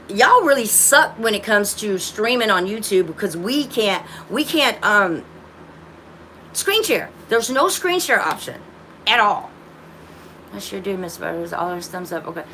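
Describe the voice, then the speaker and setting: A woman hosts a loose, rambling livestream from her phone, often restarting her sentences and calling her viewers y'all. Her voice sits at a middle pitch. A faint hiss runs behind it. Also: lively intonation, a little slow, a bit bright. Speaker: livestream host. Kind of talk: casual livestream chat.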